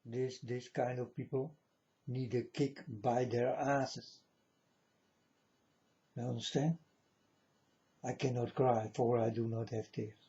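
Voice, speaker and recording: A man's voice: medium pitch, little pitch movement, slow pace, long pauses, dark tone, dull audio. A man talking straight to his viewers in a rambling, earnest monologue, calling them folks and insisting he is serious.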